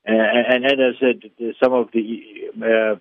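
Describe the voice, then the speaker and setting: A man's voice: mid-range voice, little pitch movement, measured pace, no echo. A man, a former councillor giving a radio interview by phone, speaking formally and emphatically with frequent stumbling restarts. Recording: tinny dry phone line.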